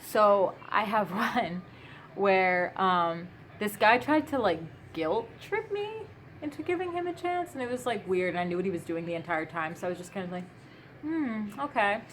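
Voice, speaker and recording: Woman vlogger, casual storytime, chatty with many fillers, mid pitch. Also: expressive, normal speed, slight background noise.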